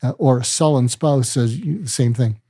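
An older male psychiatrist, calm and deliberate, explaining ideas with medical analogies in an interview. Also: medium pitch, husky, no echo, studio quality. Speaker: psychiatrist guest.

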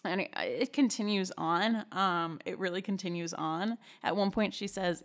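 A woman's voice: on the low side, normal speed, hardly any pauses. Candid, chatty woman podcast host. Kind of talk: casual commentary while reading messages aloud.

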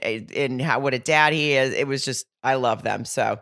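A woman's voice: a bass voice, normal speed, fairly bright tone, no room sound, studio quality. A woman co-hosting a casual chat podcast, gushing and doing playful impressions. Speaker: podcast co-host.

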